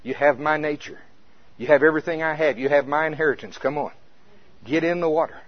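A man's voice: on the high side, fairly quick, lightly acted. A man voicing a patient, encouraging male lead duck who urges a friend to swim and fly. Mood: coaxing. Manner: urging, insistent. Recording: muffled lo-fi recording.

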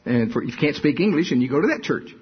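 Husky older preacher, lively storytelling sermon. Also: male voice, a little high, quick pace, dull audio. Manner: animated, repeats himself, folksy.

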